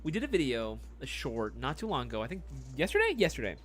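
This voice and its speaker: A young man hosts a live stream, reading chat and answering in a loose, chummy way. His pitch swings widely as he reacts with loud exclamations. His voice sits in a middle range. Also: wildly swooping pitch, quick pace. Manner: laid-back, chummy, calls people dog and brother.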